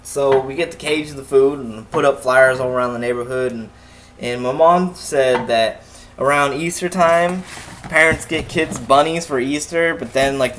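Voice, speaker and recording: A man's voice: mid-range voice, a bit bright, slight background noise. A young man telling a long, profane story in a loose, rambling way, with frequent laughs and asides, as casual commentary over a game. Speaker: let's play commentator. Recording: echoey room, mic at a distance.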